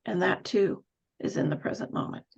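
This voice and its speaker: A woman's voice: fairly low pitch, moderate pace, creaky, breathy edge, highs cut off. A woman nurse coach giving a thoughtful, musing talk on coaching, with an occasional light laugh.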